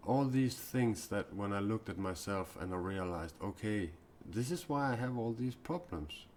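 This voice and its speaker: Low-voiced male spiritual speaker, halting and heartfelt, live-stream monologue. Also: lively intonation, darkish tone, a little hiss or hum. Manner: earnest, confessional, halting. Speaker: self-described mystic and spiritual speaker. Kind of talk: improvised live-stream talk.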